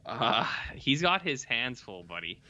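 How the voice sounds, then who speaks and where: A tired man co-hosting a casual podcast, his voice bright and lively, swinging up and down as he tells stories. The sound is dull and lo-fi. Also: medium pitch, a little slow. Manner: animated, tells anecdotes with quoted voices. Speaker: podcast co-host. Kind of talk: casual chat.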